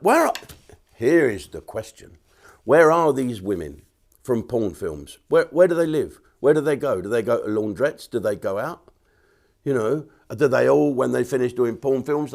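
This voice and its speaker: A man, delivering a blunt, crude comedic rant to camera. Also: medium pitch. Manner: blunt, crude and jokey, with asides and restarts.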